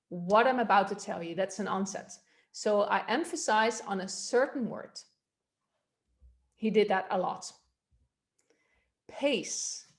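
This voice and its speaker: Relaxed woman coaching a voice workshop. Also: mid-range voice. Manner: relaxed, explanatory, with fillers. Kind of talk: teaching a voice workshop.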